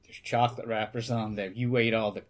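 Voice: medium pitch, little pitch movement, brisk. A player speaking in character in a wry, teasing way. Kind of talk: in-character tabletop play.

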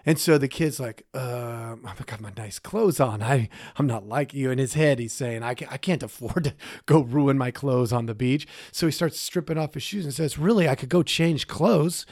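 A man's voice: mid-range voice, normal speed, hardly any pauses, darkish tone, no echo, studio quality. A man co-hosting a podcast, telling a long story casually, with many fillers and restarts. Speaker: podcast co-host.

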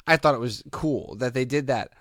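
A man's voice: medium pitch, normal speed, a bit bright, dry recording, clean studio sound. A man co-hosting a casual podcast, ranting animatedly, swearing and laughing often. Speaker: podcast co-host. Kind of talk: casual banter.

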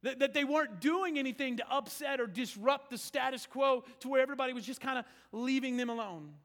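A male pastor preaching in a conversational way, swinging from loud emphasis to hushed lines in a church sanctuary. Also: extremely high pitch, fairly quick, long reverb tail. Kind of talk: sermon.

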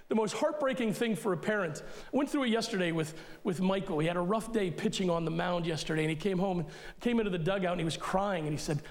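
A man's voice: high voice, fast. A male pastor preaching a sermon in an emphatic, conversational way, speaking straight to his listeners.

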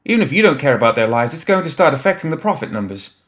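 A man's voice: mid-range voice, very animated, very fast, fairly bright tone, voice pushed up. A man voicing a harried woman staffer who demands answers in a raised, urgent voice in an audiobook. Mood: demanding. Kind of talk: audiobook character voice.

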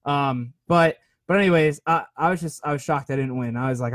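A man's voice: on the high side, fairly quick, a bit bright, no echo, studio quality. A man in his twenties telling a rambling, self-deprecating story in casual chat, with lots of fillers and restarts. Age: 20s. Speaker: podcast host.

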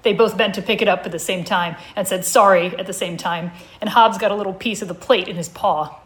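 A woman reads her comic story aloud at a live show, keeping the narration dry and deadpan. Her pitch sits in the middle range for a woman. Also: fairly quick. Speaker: comedic reader.

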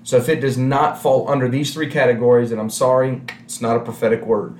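A man's voice: mid-range voice, flat delivery, brisk, darkish tone, echoey room, a little hiss or hum. A man preaching a sermon to a camera with no congregation, talking in a conversational way and repeating key phrases for emphasis. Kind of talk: recorded sermon without congregation.

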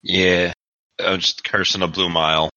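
A man playing a tabletop horror game, talking in gruff, joking banter about his character's actions. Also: deep voice, level tone, a little slow, bright, forceful tone, no room sound, dull audio. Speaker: player. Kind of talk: casual tabletop game play.

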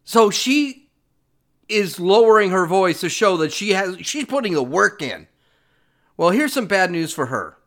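Blunt, lively-voiced male podcast host. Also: sits high, unhurried. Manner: blunt, sarcastic, repeats himself with restarts. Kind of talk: opinionated commentary on played clips.

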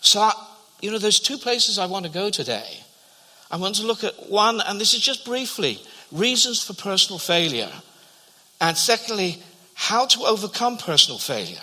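A man preaching in a hall with a long, ringing reverb. His voice is high and very bright, almost sharp. He tells the story in a storyteller's way, repeats words as he goes, and sinks to a near hush for the tender parts. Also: big pitch swings, normal speed. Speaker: pastor. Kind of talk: sermon.

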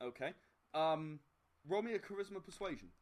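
A man's voice: on the high side, moderate pace, very noisy. A man running a tabletop game as game master, narrating with many fillers and restarts. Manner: hesitant, filler-heavy, with sudden animated outbursts.

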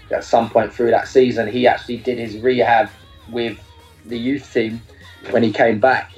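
A man speaking in a measured, earnest way while recalling his time as a young apprentice player. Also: mid-range voice, darkish tone. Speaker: former youth academy player, interviewee. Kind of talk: reflective interview recollection. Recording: dull lo-fi sound.

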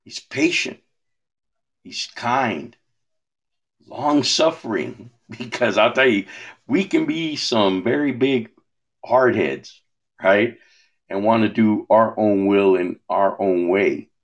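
Slow-talking low-voiced male preacher. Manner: relaxed, repetitive restarts, rhetorical questions. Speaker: minister. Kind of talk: preaching conversation.

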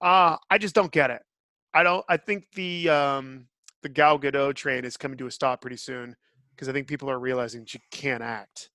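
A man's voice: medium pitch, steady tone, normal speed, sharp tone, dry recording, studio quality. A man hosting a podcast, giving blunt, opinionated reviews in casual chat. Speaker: podcast host.

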